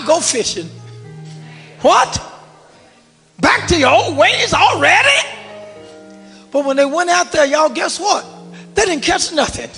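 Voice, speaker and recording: High bright-voiced preaching man in a church. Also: gravelly. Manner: preaching with call and response, swinging from shouts to low murmurs. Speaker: pastor. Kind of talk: sermon. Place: large church hall. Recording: church hall reverb with organ music.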